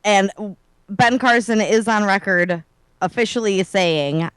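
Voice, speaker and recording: Sarcastic co-host, mid pitch, dry close sound. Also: slow, a bit bright, smooth, dry recording. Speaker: talk show co-host. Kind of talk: casual joking chat.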